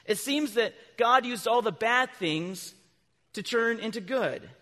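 A male preacher with a notably high voice gives a children's sermon in a big reverberant church. He keeps asking his listeners questions and answering them himself. Now and then his voice jumps to loud, animated emphasis. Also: a little slow. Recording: long reverb from a large hall.

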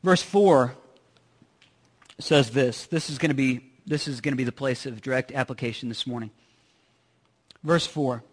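A man's voice: mid-range voice, normal speed, long pauses. A man preaching a sermon in a conversational way, telling a personal story with joking asides. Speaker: pastor.

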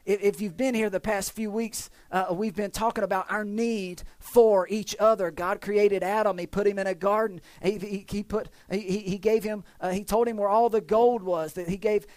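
A high-voiced man preaches a folksy church sermon as pastor. He stretches out the scripture in a slow, loud reading voice and keeps turning to the congregation with questions. The recording is close and dry, with little room sound. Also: fairly even intonation, dry recording.

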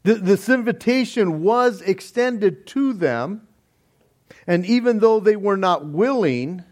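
A man preaching a sermon in a deliberate manner, with soft laughs between points. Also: sits high, expressive. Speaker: pastor.

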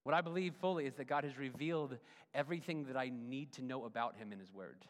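A male pastor preaching a sermon, swinging from loud emphatic runs to hushed, soft endings. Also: mid-range voice, fast talker. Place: church sanctuary. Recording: long reverb of a church hall.

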